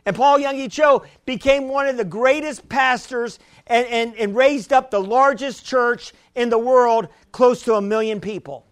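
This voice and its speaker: A man with a strikingly high voice preaches with fervor, stumbling over repeated words as he presses his point. The sound is dry and close, with no room around it. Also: unhurried, few pauses, no room sound. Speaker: pastor. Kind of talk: sermon.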